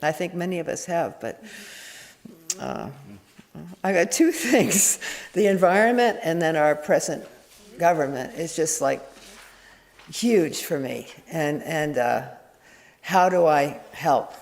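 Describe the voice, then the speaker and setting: A woman Zen teacher giving an informal dharma talk, meandering and candid, with many restarts and soft chuckles. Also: low voice, big pitch swings, slow, pauses often. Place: meditation hall. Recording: echoey hall reverb.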